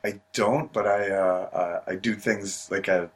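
A man's voice: lowish voice, fairly even intonation, measured pace, husky. A man co-hosting a comedy podcast with a nasal voice and mock-threatening jokes. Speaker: podcast co-host. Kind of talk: casual comedic banter.

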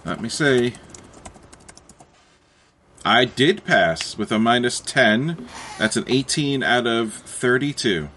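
A man's voice: medium pitch, lively intonation, slow, long pauses, fairly bright tone, slight background noise. A man playing a tabletop game, speaking in a dry, matter-of-fact way. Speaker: player.

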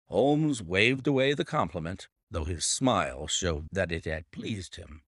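Man narrating a classic mystery: unhurried, expressive, with a lowish, lively voice. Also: no echo, clean studio sound. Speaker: audiobook reader.

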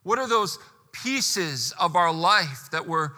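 A man preaching a sermon as pastor, emphatic, pressing hard on key words and rising to near-shouts. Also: on the high side, lively intonation, takes it slowly, in a large hall.

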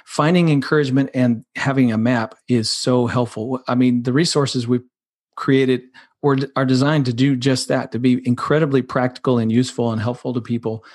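A man talks through stepfamily struggles on a podcast, earnest and conversational. His voice sits at an ordinary middle pitch. He builds his points with plain, vivid pictures. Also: steady tone, normal speed, a little mellow. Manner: earnest, explains with vivid doorstep images. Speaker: podcast guest, blended family counselor.

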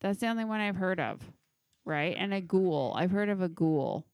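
A woman's voice: on the low side, expressive, moderate pace, a little mellow, clean tone, dry recording, clean studio sound. A woman hosting a podcast, tipsy with hiccups, giggling and swearing as she reads out creepy legends. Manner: giggly, swearing, stumbling over names. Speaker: podcast host. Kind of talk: casual chat, reading a list of creepy legends.

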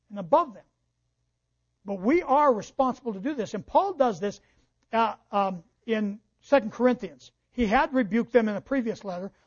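A male pastor preaching a sermon, reading scripture aloud and explaining it to his congregation. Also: very high-pitched. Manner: preaching with quoted scripture and asides. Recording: dull lo-fi church recording.

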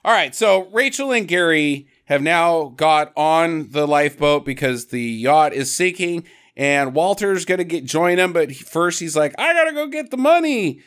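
A man's voice: a little high, a little slow, hardly any pauses, fairly bright tone, clean tone. A man co-hosting a podcast, recapping a movie in casual, jokey chat and mimicking the characters. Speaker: podcast co-host.

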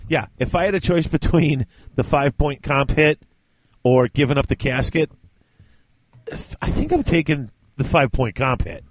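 Animated laughing man on a podcast. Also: mid-range voice, moderate pace, slight background noise. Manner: animated, laughs often, many restarts. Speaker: podcast co-host. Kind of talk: casual chat about tabletop wargaming.

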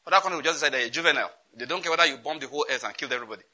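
A man with a Nigerian accent preaching a sermon, animated and full of rhetorical questions, often breaking into laughter. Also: fairly high pitch, very fast. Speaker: pastor.

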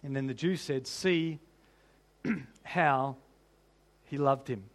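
A man's voice: mid-range voice, slow pace. A man preaching a sermon as pastor, conversational, with rhetorical questions to the congregation.

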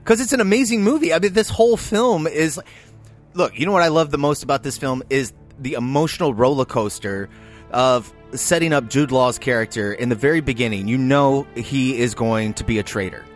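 A man co-hosting a podcast, arguing about a film in casual chat with animated, profane energy. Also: medium pitch, brisk, soft background music. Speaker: podcast co-host. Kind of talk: casual movie discussion.

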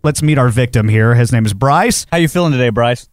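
A man's voice: mid-range voice, lively intonation, no room sound. A male radio show host telling stories and joking in casual studio banter. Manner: jokey, storytelling, quick laughs.

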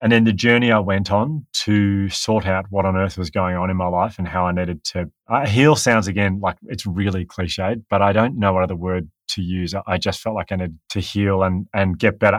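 A man's voice: low voice, steady tone, a little fast, few pauses, dry recording. A middle-aged man telling his story candidly as an author guest on a podcast interview.

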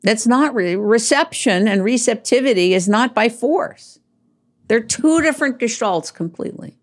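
Older lady host ranting, emphatic, voice swings high and low. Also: animated, normal speed. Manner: emphatic, rambling, drops low for asides. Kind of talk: opinionated monologue.

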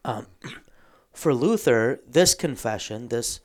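A man hosting a casual theological discussion, explaining a book at length with frequent ums and throat clearing. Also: medium pitch, animated, slow, darkish tone.

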